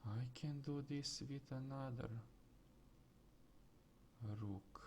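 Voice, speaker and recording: Slow, gravelly man thinking aloud. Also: mid-range voice, a little mellow. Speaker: chess streamer solving puzzles. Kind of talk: live puzzle-solving commentary, thinking aloud. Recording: faint background noise.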